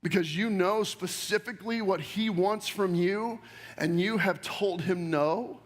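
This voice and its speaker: A man's voice: sits high, a little slow. A man preaching a sermon in a church with energy, speaking directly to the congregation and asking them questions. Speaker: pastor. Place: church sanctuary. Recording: long hall reverb.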